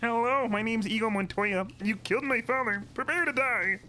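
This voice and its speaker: A man putting on the voice of a dramatic swordsman avenging his father, in a high, strained theatrical tone. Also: moderate pace, sharp tone, poor audio.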